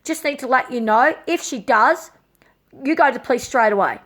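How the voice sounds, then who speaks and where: A woman putting on the voice of a brisk, dismissive female social worker, curt and falsely cheery. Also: high voice, fairly bright tone.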